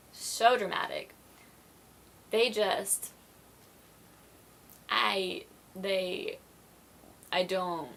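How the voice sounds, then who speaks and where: Bright-voiced chatty woman vlogger. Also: medium pitch, a little hiss or hum. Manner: chatty, filler-heavy, apologetic, acts out quoted exchanges. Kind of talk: casual vlog chat to camera.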